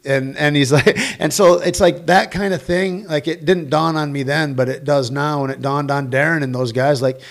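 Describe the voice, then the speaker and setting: Man, gravelly voice, stunt performer, casual interview, salty storytelling. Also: a little high, fairly even intonation, normal speed, few pauses. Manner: profane, rambling anecdotes with quoted dialogue.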